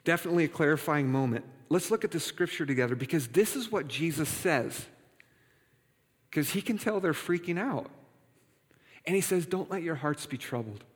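Male pastor, slightly high voice, relaxed and joking, preaching in a church with a long echo. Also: moderate pace, breathy edge. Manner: conversational, playful asides to congregation. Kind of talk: sermon. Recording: reverberant hall.

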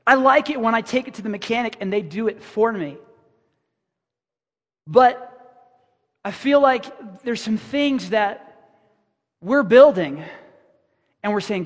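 A man's voice: high-pitched, expressive, takes it slowly, long pauses. A middle-aged man preaching a sermon as pastor, conversational and self-deprecating, acting out his own prayers. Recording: reverberant church hall.

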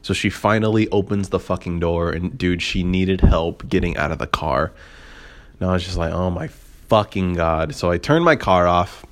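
A man's voice: sits low, moderate pace. A young man hosting a podcast, telling a story in a rambling, profane, filler-heavy way with a sarcastic edge. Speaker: podcast host. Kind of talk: casual storytelling monologue.

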